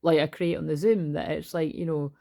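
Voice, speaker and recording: A woman's voice: low-pitched, steady tone, a little fast, gravelly, warm tone. A woman in her forties, rambling and swearing casually in a chatty spiritual talk from her bedroom. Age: 40s. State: tearful at moments. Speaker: tarot reader.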